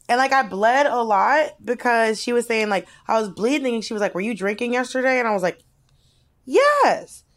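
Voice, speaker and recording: A woman co-hosting a casual comedic podcast, telling personal stories in an animated, candid way with casual swearing. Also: a little high. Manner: animated, candid storytelling with swearing and quick bursts. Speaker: podcast co-host.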